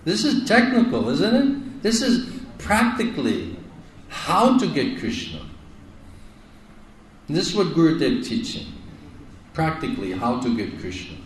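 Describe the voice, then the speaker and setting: Male spiritual teacher, a bit high-pitched, emphatic and repetitive, recorded in a roomy hall. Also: big pitch swings, a little slow, long pauses, a little hiss or hum. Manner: emphatic, repeats phrases, asks "isn't it?". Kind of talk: devotional lecture. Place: lecture hall in India. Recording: echoey hall, heard from a distance.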